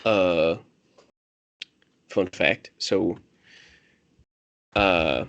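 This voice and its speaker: A man's voice: sits low, very slow, a bit bright, lo-fi sound, voice pushed down, full character voice. A man voicing a wary, reclusive country hermit with a drawl, who rambles with many fillers and loses his train of thought. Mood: rambling.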